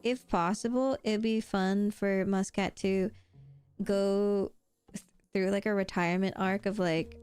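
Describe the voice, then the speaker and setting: A woman's voice: medium pitch, fairly even intonation, a little slow, darkish tone, clean tone, soft background music. A young woman streaming while she draws, in a rambling casual chat full of "like" and laughs, swearing now and then. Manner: chatty, rambling with frequent "like" and laughs.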